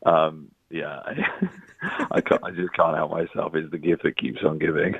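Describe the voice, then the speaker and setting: Brief: low male comic guest, self-mocking storyteller, dry phone-line sound. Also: fairly even intonation, creaky, fairly bright tone, breathy edge, no room sound. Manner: self-deprecating anecdotes, quick asides. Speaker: comedian guest. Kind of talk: casual chat.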